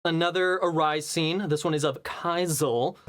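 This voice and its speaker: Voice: medium pitch, fairly even intonation, moderate pace, faint music behind. An interview host speaking as an enthusiastic fan of the show. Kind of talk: interview, casual chat.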